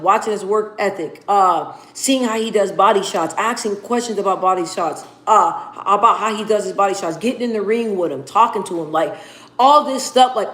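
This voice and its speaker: A woman's voice: a little high, echoey room, rough recording. A woman chatting casually on a livestream, answering her chat, rambling in slang and repeating words as she thinks.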